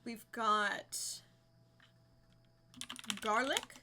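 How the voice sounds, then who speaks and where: A woman's voice: fairly high pitch, very slow, background noise. A young woman live streaming a game, chatting casually and giggling as she reads out names with delight.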